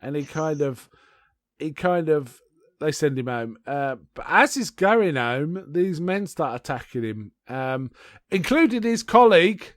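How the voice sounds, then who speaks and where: A man's voice: a little high, sing-song, unhurried, dry recording, studio quality. A man co-hosting a podcast, casually recapping a film with lots of ums and acted-out quotes. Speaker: podcast co-host.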